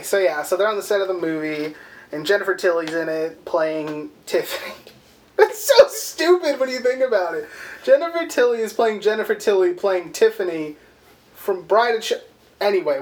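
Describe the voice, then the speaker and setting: A man co-hosting a movie podcast, recapping the plot in profane, rambling casual chat and acting out quotes. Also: sits high. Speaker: podcast co-host.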